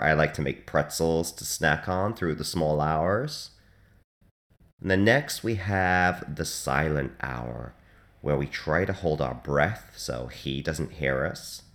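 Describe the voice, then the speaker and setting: Super deep voiced guy doing a deadpan radio dj bit, voice swoops up and down a lot. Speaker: hospital radio DJ. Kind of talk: deadpan comic radio monologue.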